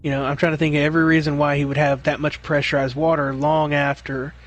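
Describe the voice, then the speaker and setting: Profane storytelling man, slightly high voice. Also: flat delivery, fast, a little hiss or hum. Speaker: plumber. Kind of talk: casual storytelling. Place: remote podcast call.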